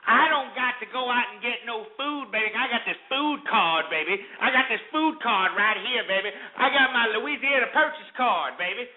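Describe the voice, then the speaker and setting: A man putting on the voice of a lazy man who brags about living on benefits, with a slow, boastful drawl. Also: very high voice, lively intonation, phone-quality sound.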